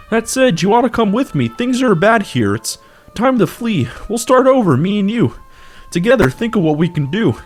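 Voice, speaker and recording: A man voicing a worried young woman who urges escape, in a nasal puppet-frog voice with auto-tune and a rhyming, sing-song delivery. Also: high voice.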